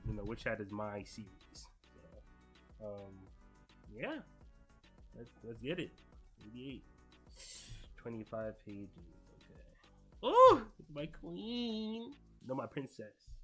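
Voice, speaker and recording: Excitable young man reacting to manga. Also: mid-range voice. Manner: excitable, slangy, talks to viewers, swears often. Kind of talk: casual reaction vlog.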